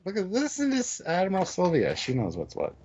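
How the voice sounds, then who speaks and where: A man in his fifties co-hosting a casual livestream chat, animated and self-mocking, laughing often. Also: sits high, fairly quick. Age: 50s. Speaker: co-host. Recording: dull lo-fi stream audio.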